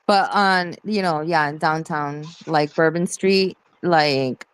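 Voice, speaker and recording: A woman's voice: sits low, slow pace, clear, resonant tone. A woman chatting casually on a live online call, rambling with fillers and laughing often. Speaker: guest in a live audio chat. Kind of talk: casual chat.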